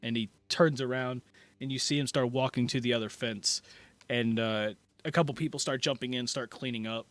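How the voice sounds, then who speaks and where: Bright-voiced male game master, rambling. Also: mid-range voice, steady tone, moderate pace, soft background music. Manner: loose, rambling narration full of fillers. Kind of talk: narrating a tabletop game.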